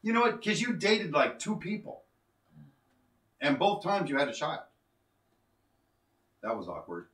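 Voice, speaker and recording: A man co-hosts a live chat, joking and teasing with a lively, swooping voice. He sits back from the mic in an echoey room at home, so his voice sounds a little distant. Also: fairly high pitch, unhurried, pauses often. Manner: joking, playful, self-mocking. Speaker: co-host of a live show. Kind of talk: casual live-stream chat.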